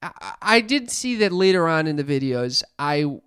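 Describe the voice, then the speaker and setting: A man co-hosting a candid podcast with his mother, telling stories in a profane, self-mocking and animated way. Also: fairly high pitch, moderate pace, clean tone, no room sound, studio quality. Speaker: podcast co-host. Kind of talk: candid family podcast chat.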